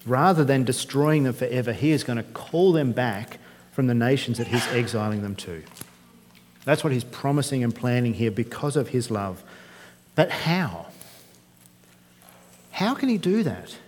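A man's voice: mid-range voice, moderate pace, darkish tone, slight background noise. A man preaching a sermon in a conversational way, often asking the congregation rhetorical questions. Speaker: pastor. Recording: long reverb of a church hall.

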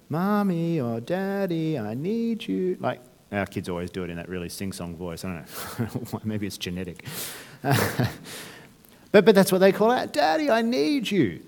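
A man's voice: a little high, darkish tone, big-room sound. A man preaching a sermon, talking conversationally with restarts and rhetorical questions. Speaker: pastor.

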